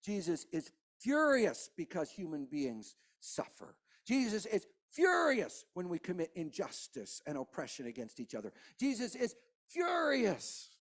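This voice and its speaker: A man, preaching a sermon as pastor, impassioned, with hushed passages and rising emphasis. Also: fairly high pitch, huge pitch swings, moderate pace, few pauses. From Kentucky.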